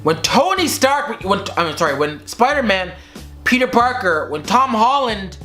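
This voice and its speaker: An excitable man talks through a movie review at home, speaking fast and loose to his viewers and calling them guys. His voice sits high and sounds bright and forceful, with faint music underneath. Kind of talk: casual video review. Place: at home, filmed by his girlfriend.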